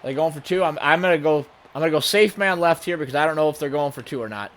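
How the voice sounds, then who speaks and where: A fast-talking gaming channel host offers let's play commentary, narrating his moves one after another as he plays. When something goes wrong, his slightly high voice bursts into loud excitement.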